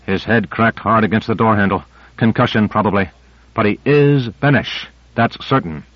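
A man voices a shaken male aide talking quick and low in clipped bursts. It is an audiobook reading. The track sounds dry and slightly dull. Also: no echo, natural voice.

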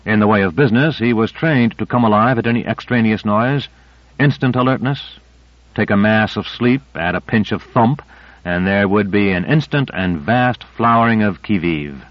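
A low-voiced man narrates a thriller audiobook in a measured, steady manner. The recording is dry, with no room sound, and a little dull in tone. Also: dry recording.

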